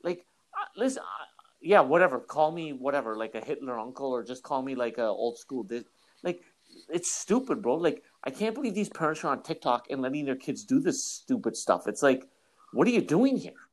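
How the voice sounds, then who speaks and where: A man's voice: medium pitch, moderate pace. A man co-hosting a podcast, chatting casually and joking, talking in bursts with lots of fillers. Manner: animated, joking, talks in bursts with many fillers. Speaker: podcast co-host. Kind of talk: casual chat.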